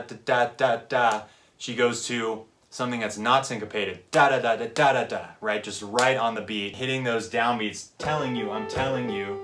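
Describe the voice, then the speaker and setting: A man's voice: medium pitch, a bit bright, a little hiss or hum. A man from California hosting a casual song breakdown, explaining rhythm with enthusiasm and vocalizing beats with "da da" and frequent "right?". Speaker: music analysis video host.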